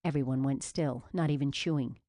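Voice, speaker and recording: A woman narrating a romance novel as an audiobook in measured storytelling. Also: a bass voice, mellow, dry recording, studio quality.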